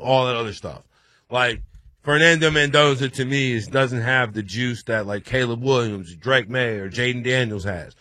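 A man hosting a sports talk radio show from a studio, talking in an excitable, animated way with many restarts. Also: mid-range voice, no room sound.

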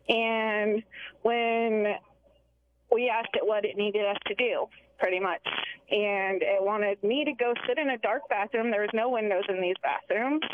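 A woman calling in to a talk show, telling a long story in a chatty, rambling way over the phone. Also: medium pitch. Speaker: caller. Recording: tinny phone line with faint hiss.

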